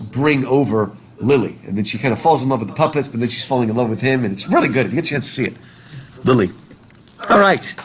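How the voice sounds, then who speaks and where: A man's voice: mid-range voice, low-quality recording. A male literature teacher talking casually and ramblingly to his class, laughing easily. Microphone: masked, recording his own class.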